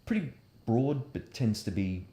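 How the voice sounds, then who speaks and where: A man's voice: medium pitch, animated, a little slow, warm tone. Hesitant South Australian man, roomy echo. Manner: hesitant, thoughtful, many fillers. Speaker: guest, learning and development coach. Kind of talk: casual interview chat.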